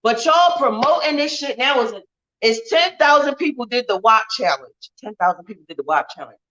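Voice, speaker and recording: A woman on a phone livestream rants bluntly and heatedly, with a somewhat high voice. The sound is dull and lo-fi. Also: expressive, a little fast, bright, forceful tone. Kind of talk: ranting livestream monologue.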